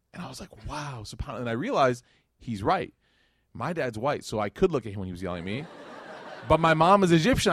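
Young man, casual lecture, storytelling, mid-pitched voice, dry close sound. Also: dry recording. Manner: conversational, storytelling, acts out quotes with rising pitch. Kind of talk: religious lecture to a live audience.

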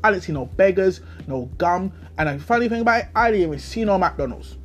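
A man's voice: high-pitched, animated, brisk. A young man with a London accent hosting a solo podcast, telling a story as an indignant, slang-heavy rant full of rhetorical questions. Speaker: podcast host.

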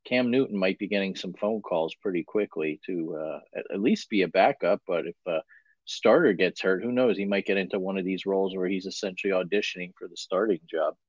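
A very low-voiced man co-hosts a football talk show with brisk analysis and rhetorical questions. His audio is dry and dull, without room echo. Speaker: co-host. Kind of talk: casual sports talk.

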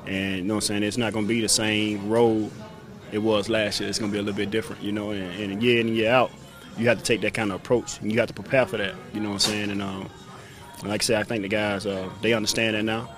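A man's voice: on the low side, flat delivery, fast, music in the background. A man in his thirties, a pro football player giving laid-back interview answers and often saying "man" and "you know what I'm saying".

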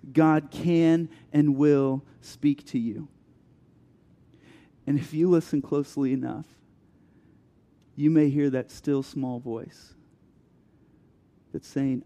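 A man preaching an earnest sermon as pastor, dropping to a hush for soft passages and building with rising questions. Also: a little high. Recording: long hall reverb.

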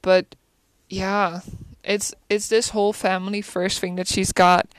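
Woman rambling thoughtfully, smooth clear voice, lots of restarts, dry close sound. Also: mid-range voice, level tone, measured pace, dry recording. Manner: thinks aloud, searching for words and restarting; reflective, asks rhetorical questions. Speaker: film commentator. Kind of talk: casual musing chat.

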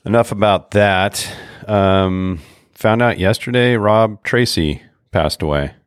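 A man with a very low voice co-hosts a casual podcast and talks in a rambling, halting way, full of pauses and restarts. The sound is dry and close, with no room around him. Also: clean tone, no echo. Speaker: podcast co-host. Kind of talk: casual chat.

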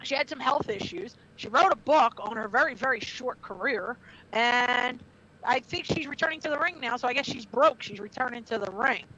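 A former wrestler, a middle-aged woman on a podcast, speaks in blunt, profane casual talk while telling a heated story. Her fairly high voice is expressive and sharp in tone at a moderate pace. The recording is dull and lo-fi.

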